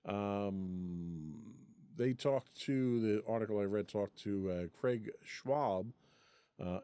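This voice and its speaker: A man's voice: on the low side, warm tone, no room sound. A man co-hosting a casual podcast chat, reading from an article and laughing often. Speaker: podcast co-host.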